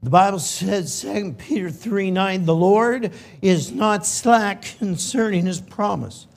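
A man from California preaching a sermon, slow and emotional, swinging from loud emphasis to hushed, near-whispered lines. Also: high voice, vocal fry.

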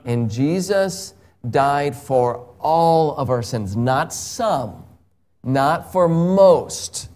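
Guy sharing the gospel one on one, slow and emphatic, chuckles a lot. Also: fairly high pitch, lively intonation, a little mellow.

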